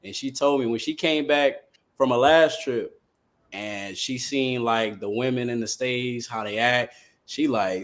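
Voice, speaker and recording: A man in a casual group chat, relaxed as he tells a short story. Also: mid-range voice, unhurried. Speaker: guest.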